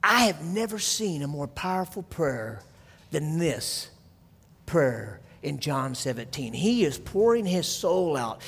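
A man preaching a sermon as pastor, telling a story quietly and then building to loud, fervent preaching. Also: fairly high pitch, big pitch swings, slow, vocal fry, breathy edge, big-room sound.

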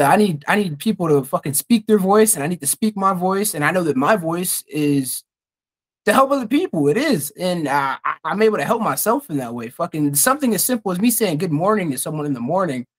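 A young man talks openly on a casual podcast, earnest and heartfelt, with plenty of swearing. His voice sits fairly high for a man. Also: fairly bright tone. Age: young adult. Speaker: podcast host.

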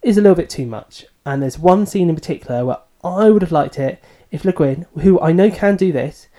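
A man's voice: on the high side, lively intonation, brisk, dark tone. A man co-hosting a podcast, giving thoughtful, hedging opinions in a casual book discussion. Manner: thoughtful, hedging, self-deprecating. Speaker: podcast co-host.

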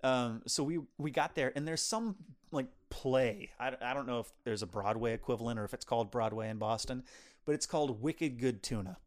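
Speaking briskly in a mid-range voice, a man who co-hosts a podcast about films rambles through stories in casual conversation. He comes across as chatty and animated.

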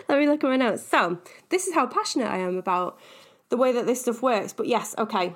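A woman's voice: medium pitch, expressive, fairly quick. A woman business coach hosting her own podcast, talking casually and animatedly, laughing often and wandering off on tangents. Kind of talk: casual solo podcast talk.

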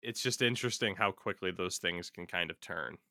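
A man's voice: low-pitched, moderate pace, bright, forceful tone, no echo, clean studio sound. A man hosting a casual sports chat, reading out hockey news and swearing freely. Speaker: podcast host.

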